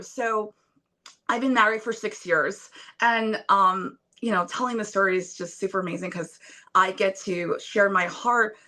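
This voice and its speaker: A woman's voice: fairly high pitch, bright, forceful tone. A young woman on a phone video call, speaking as a podcast guest in an earnest, emphatic, preacher-like way. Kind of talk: motivational interview talk.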